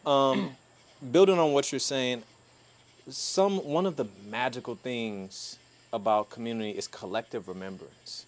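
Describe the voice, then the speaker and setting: A man with a mid-range voice speaks at a measured pace as a podcast co-host. In casual conversation, he explains his ideas thoughtfully and with emphasis.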